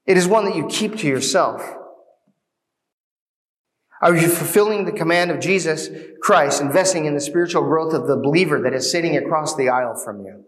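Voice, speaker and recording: Male pastor, slightly high voice, earnest exhorting sermon delivery. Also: a little fast. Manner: earnest, exhorting with rhetorical questions.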